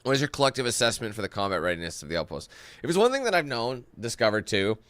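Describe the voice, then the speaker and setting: A man's voice: mid-range voice, big pitch swings, fast, a bit bright, no room sound. A man giving casual let's-play commentary, rambling and swearing with jokey asides. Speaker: gaming commentator.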